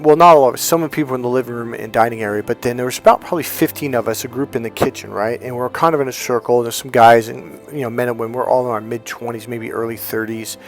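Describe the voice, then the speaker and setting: Male dating coach, blunt and swearing, storytelling monologue with faint music under it. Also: mid-range voice. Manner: blunt, profane, acts out quoted voices.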